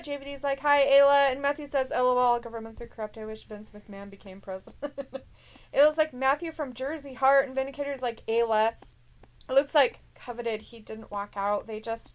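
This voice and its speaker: Woman, live stream co-host, casual chat, teasing, reads viewer messages aloud, high pitch. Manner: teasing, chatty, jokey.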